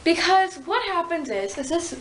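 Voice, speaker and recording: A young woman guest in a casual chat, enthusiastic and quick to agree. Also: very high voice, expressive, fairly bright tone. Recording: echoey room with faint noise.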